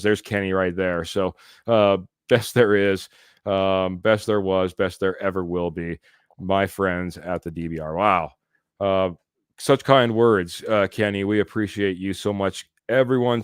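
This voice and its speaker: Chatty man with a smooth low voice. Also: no echo, studio quality. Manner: chatty, laughs often, reads comments aloud. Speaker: podcast host. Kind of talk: live sports podcast chat, reading viewer comments.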